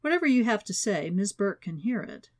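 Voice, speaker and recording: A wry, commanding male spy chief, read by a woman narrator. He speaks curtly with firm authority, a touch higher and louder than the narrator's plain voice. Audiobook reading. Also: very animated, fairly quick. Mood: authoritative. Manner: curt, authoritative.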